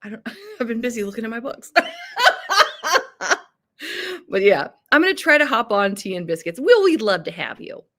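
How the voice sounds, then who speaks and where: A woman in her thirties hosts a casual livestream, reading viewer comments, chatting in a bubbly way and laughing often. Her voice is a little high and sing-song, a bit bright, at a normal pace with frequent pauses.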